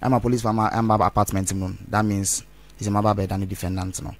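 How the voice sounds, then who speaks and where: A man's voice: fairly low pitch, level tone, quick pace. A man, rambling as an interview guest and mixing Twi phrases into his English. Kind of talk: candid interview talk.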